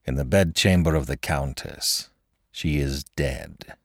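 A man voicing a cold, desperate young officer in a spoken story, low and calm. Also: measured pace, no echo, clean studio sound, full character voice.

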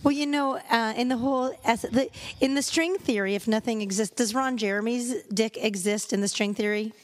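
A woman's voice: a little high, moderate pace. A woman co-hosting a podcast, chatting in a playful way. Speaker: co-host. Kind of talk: casual podcast chat.

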